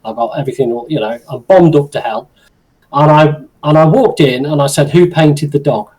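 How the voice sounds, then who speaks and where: A man, a former soldier, telling animated anecdotes in a casual chat and laughing often. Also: fairly high pitch, fairly quick, breathy edge, poor audio.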